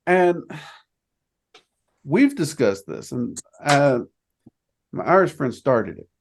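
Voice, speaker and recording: A man's voice: mid-range voice, slow pace, a little hiss or hum. Chatty American man telling a story. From United States. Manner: chatty storyteller, quotes others in animated voices. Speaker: podcast host. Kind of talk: casual conversation.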